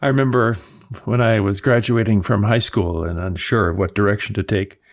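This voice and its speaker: Man, podcast host, calm, leading the discussion. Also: lowish voice, normal speed. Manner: calm, inviting questions. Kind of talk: casual discussion.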